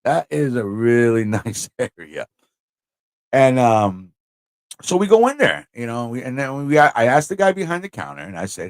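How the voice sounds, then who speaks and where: A man hosting a casual livestream, telling stories in an animated way, swearing and slipping into put-on voices. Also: mid-range voice, moderate pace, no room sound. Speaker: host.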